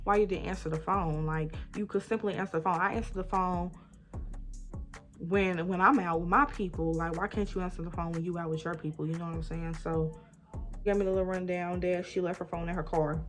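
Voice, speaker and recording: A woman's voice: lowish voice, brisk, soft background music. A woman in her twenties telling an emphatic, casual storytime while getting ready, acting out both sides of an argument. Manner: animated, emphatic storytelling, often addressing listeners as y'all; acts out both sides of arguments, rising loud when retelling fights. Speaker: vlogger.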